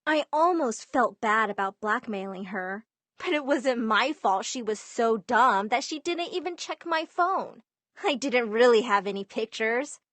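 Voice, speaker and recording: A young woman narrating an animated story in a lively, emphatic way. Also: a little high, no room sound.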